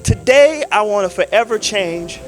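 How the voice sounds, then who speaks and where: A male pastor preaching an energetic sermon, talking back and forth with his congregation and repeating phrases for emphasis. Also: high-pitched, normal speed, soft background music. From Southern California. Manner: repeats words for emphasis, drops into folksy quoted voices.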